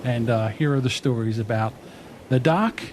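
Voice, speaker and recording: A man calmly introducing stories about his father on a podcast. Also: mid-range voice, normal speed, slight background noise. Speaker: podcast host. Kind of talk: spoken intro.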